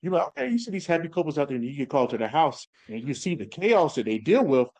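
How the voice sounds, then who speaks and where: A man's voice: a little high, quick pace. A man in his thirties, a police officer as interview guest, telling candid stories and acting out quotes. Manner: animated storytelling, acts out quotes. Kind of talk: casual interview talk.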